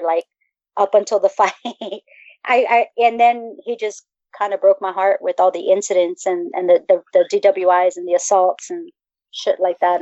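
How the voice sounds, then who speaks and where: A woman's voice: mid-range voice, darkish tone, no room sound. A woman co-hosting a casual podcast chat, chatty and full of fillers, laughing easily. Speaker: podcast co-host. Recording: dull, dry sound.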